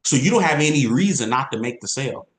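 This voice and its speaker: A man giving an energetic, repetitive sales training talk as an insurance coach. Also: mid-range voice, quick pace. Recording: roomy echo.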